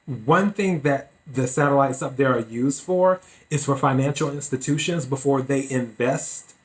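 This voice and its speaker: A male podcast host delivers solo commentary in an unhurried, deliberate way. His voice sits at a middle pitch, and he states his opinions plainly, taking his time over each point.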